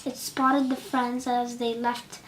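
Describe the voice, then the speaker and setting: A woman narrating a children's storybook audiobook with expressive delivery and occasional slips. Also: on the high side, takes it slowly, slight background noise.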